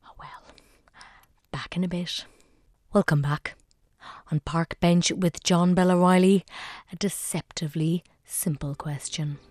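A woman presenting a radio show in a relaxed, chatty way. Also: fairly low pitch, measured pace, pauses often, no echo, clean studio sound.

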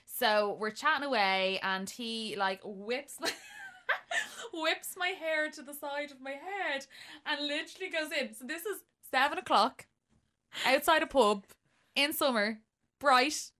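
A young Irish woman co-hosting a podcast, telling a dating story in a casual, animated way and laughing often. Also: high-pitched, a little slow. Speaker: podcast co-host.

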